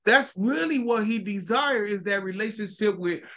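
A man's voice: high-pitched, moderate pace, pushed and bright. A middle-aged man, a minister, talking in a casual, plain-spoken way during a Bible study on a video call. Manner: plain-spoken, conversational, repeats "you know what I'm saying".

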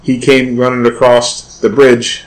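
A man guesting on an interview in a shop, telling his anecdotes in a chatty, meandering way. His voice sits at an average pitch. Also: completely flat delivery, a little slow, rough recording. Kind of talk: anecdotal storytelling. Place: shop, indoors.

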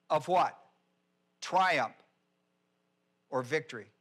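A male pastor delivers an expository sermon at an unhurried pace. His voice sits a little higher than most men's, and he dwells on single words, repeating them to drive the point home. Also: fairly bright tone. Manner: slow and deliberate, repeats key words for emphasis. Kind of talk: expository Bible teaching sermon.

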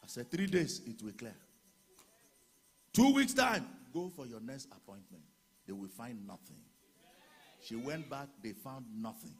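A man with a Nigerian accent preaching a fervent sermon as pastor in a church, breaking into shouted declarations. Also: lowish voice.

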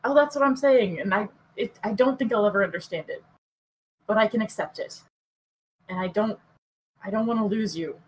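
A bashful young paladin, voiced by a woman, who stumbles over his words and speaks with sincere, hesitant care. His voice is slightly husky and sits at an ordinary pitch, with nothing theatrical about it. It sounds like a player speaking in character at a tabletop game. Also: normal speed, long pauses, close to an everyday voice, poor audio. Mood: earnest. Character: earnest young male paladin, awkward and tender.

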